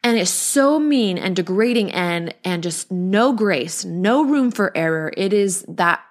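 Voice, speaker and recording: A woman's voice: medium pitch, animated, measured pace. A woman in her thirties hosting a podcast, sharing personal struggles in a candid, rambling way. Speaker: podcast host.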